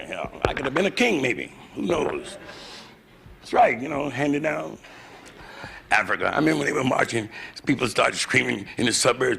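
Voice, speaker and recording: A man in his fifties doing a bawdy live stand-up routine, talking to a club crowd and jumping into loud put-on voices. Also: mid-range voice, sing-song, normal speed, creaky. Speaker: stand-up comedian. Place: live club stage with audience. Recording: noisy live club recording.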